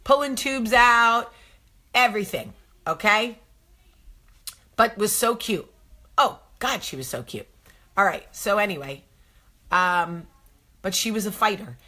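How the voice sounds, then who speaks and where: Bright, animated female host telling a casual story, jumps between voices. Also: mid-range voice, a little slow, long pauses. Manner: animated, acts out voices, swears.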